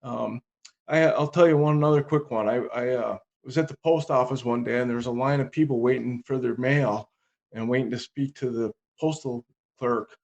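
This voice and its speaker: A man as a podcast guest, telling anecdotes in a relaxed conversation with dry comic timing. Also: medium pitch, normal speed, vocal fry, muffled recording. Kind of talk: casual interview storytelling.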